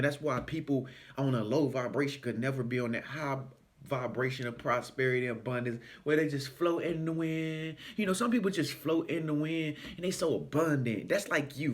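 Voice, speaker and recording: A man speaking in an animated, preachy, sing-song way in a motivational vlog. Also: medium pitch, fairly quick. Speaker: spiritual self-help vlogger.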